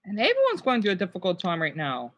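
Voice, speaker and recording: A woman's voice: medium pitch, wildly swooping pitch, quick pace. Chatty woman streamer, rambling. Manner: rambling, chatty, many restarts. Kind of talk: casual chat over clips.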